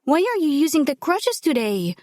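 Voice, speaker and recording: A woman's voice: on the high side, animated, normal speed, darkish tone, no echo, studio quality, pitched above the performer's own voice. A woman putting on a fretful older mother. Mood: worried. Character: worried older mother, anxious and fussing.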